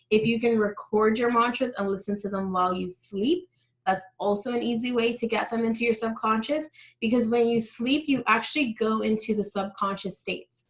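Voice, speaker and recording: A woman leads a live online workshop as a coach, explaining each step in a friendly, direct way. She speaks at an average pitch, addressing her audience through a video call microphone. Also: rough recording. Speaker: money mindset coach.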